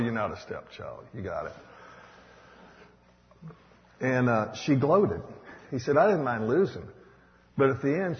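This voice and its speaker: A man preaching a sermon, swinging between loud bursts and hushed asides. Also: on the low side, slight background noise. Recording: dull echoey hall recording.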